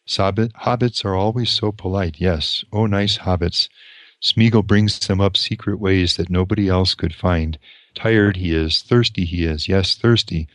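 A man reading the lines of a wretched, sly male creature who hisses with self-pity, in his own low voice. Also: unhurried, a bit bright, no echo. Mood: resentful. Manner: read aloud in a plain voice.

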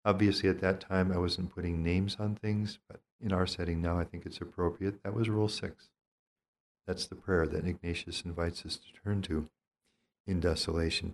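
A man's voice: deep voice, slight background noise. A middle-aged man, a priest, giving a reflective spiritual teaching talk and reading aloud from his own journal.

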